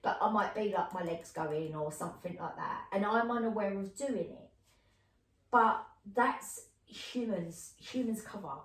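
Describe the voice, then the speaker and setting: A middle-aged woman, chatting as a podcast guest and telling lively stories in which she acts out other people's voices. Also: mid-range voice, measured pace. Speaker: podcast guest, clairvoyant medium. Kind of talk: casual storytelling chat. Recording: roomy, distant mic.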